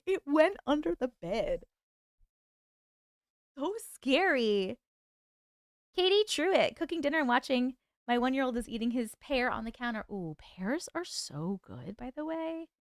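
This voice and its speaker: A chatty woman hosts a livestream, greeting her viewers one by one and reading their comments back to them. Her voice sits high and swings widely in pitch, smooth and clear, with a dry close sound. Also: no echo. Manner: laughs often. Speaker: livestream host. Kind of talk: casual livestream chat.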